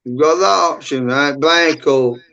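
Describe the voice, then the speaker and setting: A man's voice: fairly high pitch, moderate pace, vocal fry, pushed and bright. A middle-aged man, rambling bluntly and swearing a lot as a guest in casual livestream chat. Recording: dull lo-fi stream audio.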